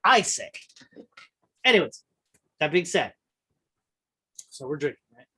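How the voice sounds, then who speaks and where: A man's voice: on the high side, expressive, moderate pace, fairly bright tone, breathy edge. A man hosting a podcast, telling a long story in casual chat, rambling with many restarts and fillers, blunt and profane. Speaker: podcast host.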